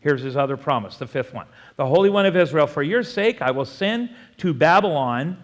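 A man preaching a sermon as pastor, animated, moving between quiet and loud and prompting the congregation to answer. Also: a little high, fairly quick. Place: church sanctuary. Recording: long hall reverb.

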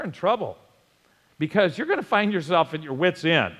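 A man preaching in a church, his fairly high voice swinging up and down as he breaks into sudden loud bursts. A long reverb from the church hall trails after his words. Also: very animated, normal speed. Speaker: pastor. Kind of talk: sermon.

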